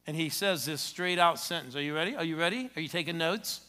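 A middle-aged man preaching a sermon in church, telling stories with sudden swings between loud exclamations and soft asides. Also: fairly high pitch, fast. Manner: animated storytelling with sudden loud and soft turns. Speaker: pastor.

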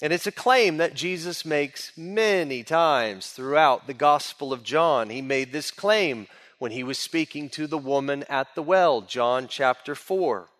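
Slow, high-voiced male pastor preaching. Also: fairly bright tone. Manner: earnest, emphatic preaching. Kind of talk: sermon. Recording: long reverb of a large hall.

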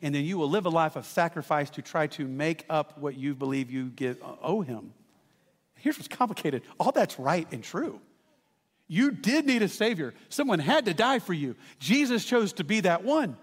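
Man, pastor, high voice, animated sermon, long hall reverb. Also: moderate pace, slightly rough. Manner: animated storytelling with asides to the congregation.

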